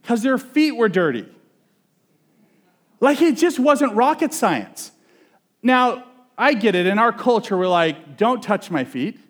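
A male pastor preaching a sermon in a relaxed, conversational and humorous way, often asking the audience questions. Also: extremely high pitch, slow, pauses often.

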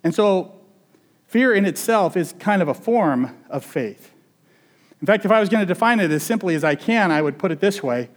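A man's voice: high voice, expressive, moderate pace. A male pastor preaching a sermon in a conversational way, often asking his listeners questions. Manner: conversational, asks the congregation questions.

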